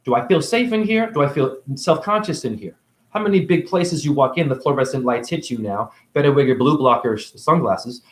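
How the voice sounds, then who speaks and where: A man's voice: medium pitch, animated, fairly quick. A man giving a rambling spiritual monologue to camera, jumping from topic to topic, talking in circles and swearing freely. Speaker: spiritual video creator. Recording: echoey room.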